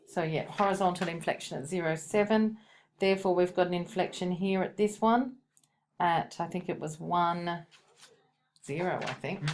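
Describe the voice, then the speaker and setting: A woman's voice: on the low side, a little hiss or hum. A woman teaching a recorded maths lesson, thinking aloud as she works and correcting herself now and then.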